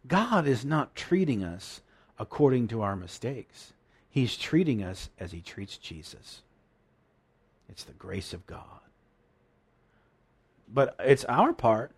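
A man's voice: mid-range voice, husky. A man preaching a sermon in an earnest, emotional way, often restarting his sentences.

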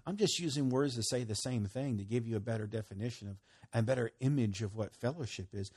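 Guy preaching a sermon, kinda husky voice, chatty, gets loud then drops real low. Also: fairly quick. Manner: conversational, swinging between loud emphasis and low murmurs. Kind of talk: sermon teaching.

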